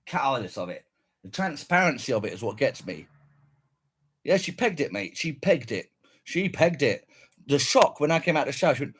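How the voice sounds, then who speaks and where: A man's voice: a little high, big pitch swings, a little fast, a bit bright, breathy edge. A man angrily recounting a run-in with police, swearing constantly and repeating himself. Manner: swearing, bitter, repetitive. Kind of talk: angry personal rant.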